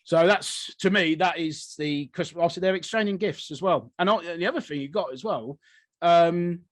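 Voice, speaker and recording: A man's voice: a little high, moderate pace, no room sound. Chatty man, rambling with laughs. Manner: rambling, laughs often, acts out quotes. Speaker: podcast co-host. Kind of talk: casual history chat.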